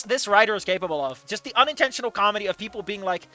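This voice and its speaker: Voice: mid-range voice, fast, few pauses, pushed and bright, faint music behind. A game commentator giving sarcastic, exasperated commentary on a visual novel, often laughing at the writing. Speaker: let's play commentator.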